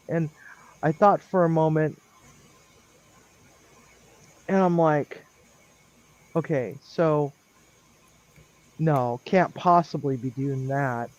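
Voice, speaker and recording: A man telling a long work story on a live stream in a rambling, chatty way, with lots of ums and lively quoted dialogue. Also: a little high, takes it slowly, pauses often. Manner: chatty, lots of ums, animated when quoting others. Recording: dull lo-fi dry sound.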